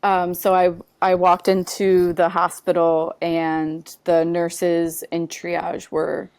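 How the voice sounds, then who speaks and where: A woman guest on a podcast, telling a personal story in earnest, halting conversation full of "like" and "you know.". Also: fairly low pitch, completely flat delivery, darkish tone, clear, resonant tone, no echo.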